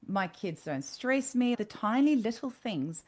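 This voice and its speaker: A woman from South Africa hosting a podcast, chatting candidly and telling lively personal stories. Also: on the high side, a little slow. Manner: chatty, candid, animated storytelling. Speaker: podcast host, homeopath. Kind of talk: casual podcast interview.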